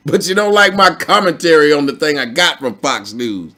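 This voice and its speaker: Loud, profane ranting male host. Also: big pitch swings, normal speed, hardly any pauses. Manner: blunt, profane, mocking; swings from low grumbling to loud high exclamations. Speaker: commentary channel host. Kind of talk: ranting video commentary.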